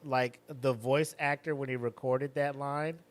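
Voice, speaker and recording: A man's voice: medium pitch, fairly even intonation, unhurried. A young man co-hosting a podcast, jumping in eagerly and swearing casually. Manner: jumps in eagerly, swears a lot. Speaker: podcast co-host. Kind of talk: casual chat.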